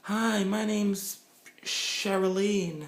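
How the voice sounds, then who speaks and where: Man playing a young woman at a club, falsetto, slow sing-song, echoey room. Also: steady tone. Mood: chirpy.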